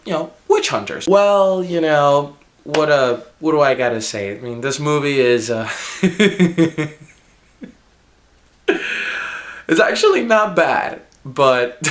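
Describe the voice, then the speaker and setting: Slow, loose male vlogger with a cold, rambling review full of fillers and giggles. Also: mid-range voice, fairly bright tone. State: sick. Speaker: movie reviewer. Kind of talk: casual vlog review.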